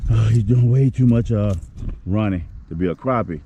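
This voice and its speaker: A man giving excitable running commentary to his viewers while fishing at a pond outdoors, even talking to the fish he catches. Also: fairly low pitch, normal speed, dull audio, a little hiss or hum. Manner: chatty, excitable, talks to the fish. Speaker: fishing vlogger.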